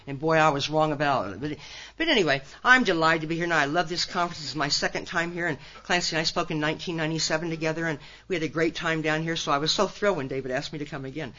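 Speaking at a recovery conference, an older Nebraskan woman tells a folksy personal testimony packed with anecdotes and quick jabs to the crowd. She has a deep, somewhat bright voice, and the audio is dull and lo-fi.

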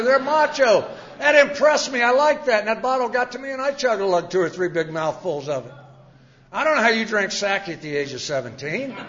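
An older man with a very high, slightly bright voice tells his own recovery story to an audience. His manner is plainspoken, folksy and self-mocking, and the recording has a dull, lo-fi sound.

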